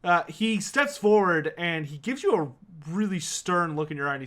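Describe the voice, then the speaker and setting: Bright-voiced man narrating as game master. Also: a little high, normal speed, hardly any pauses. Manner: relaxed, filler-laden narration.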